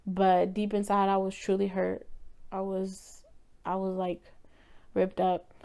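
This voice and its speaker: A woman's voice: medium pitch, completely flat delivery, a little slow, gravelly, a little mellow, clear, resonant tone. A young woman vlogger telling a painful personal story in a candid, emotional way, sometimes swearing.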